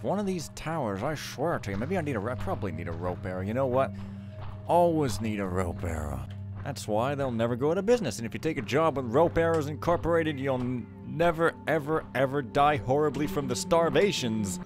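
A man rambles through a let's play, cracking self-mocking jokes as he sneaks around. His voice sits at a middle pitch, with faint game music playing underneath. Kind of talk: casual gameplay commentary.

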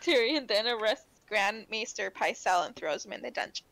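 A young adult woman co-hosting a casual book podcast, chatty and quick to laugh while recapping chapters. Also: fairly high pitch, lively intonation, creaky, fairly bright tone, no room sound, rough recording. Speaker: podcast co-host.

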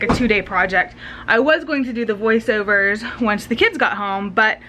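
Recorded on a handheld camera inside the family home, this home vlog features a mother with a slightly high voice chatting casually over a noisy background. She laughs often and speaks in a sing-song way to her children.

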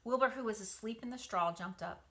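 A woman reading a children's novel aloud for a book club, with expressive storytelling. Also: fairly high pitch, a little fast.

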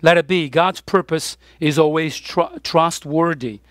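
A man's voice: fairly high pitch, measured pace, fairly bright tone, no echo, studio quality. A man preaching a sermon as pastor, emphatic, with his voice rising on the key points.

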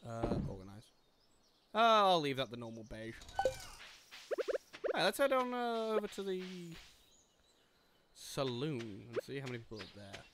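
A man's voice: mid-range voice, huge pitch swings, moderate pace, long pauses, noisy background. A man hosting a let's-play, chatting casually and joking at himself as he plays. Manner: casual, self-mocking chatter. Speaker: gaming channel host. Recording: game music behind the voice.

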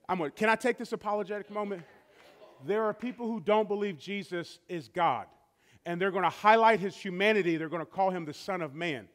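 A man preaching a sermon as pastor, rising to drawn-out shouted repetitions and dropping to slow, quiet stretches. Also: sits high.

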